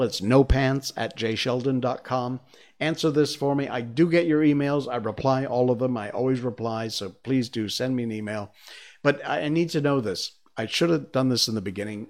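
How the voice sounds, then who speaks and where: A man streaming, reading a children's book aloud and chatting casually with viewers afterward. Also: medium pitch. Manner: lively, expressive, chatty with fillers. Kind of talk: read-aloud narration and casual stream chat.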